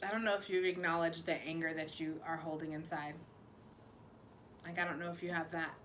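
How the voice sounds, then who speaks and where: A woman's voice: sits low, flat delivery, brisk, fairly bright tone, a little hiss or hum. A woman giving a live-streamed channeled reading, emotional and fighting back tears, rambling and swearing as she goes. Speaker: psychic reader hosting a live stream.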